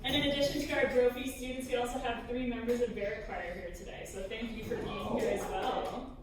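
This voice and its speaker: A woman leading a choir through breathing and stretching warm-ups, giving step-by-step physical cues. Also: on the high side, fairly even intonation, fairly quick, background noise. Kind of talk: vocal warm-up instruction. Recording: echoey room, distant mic, music.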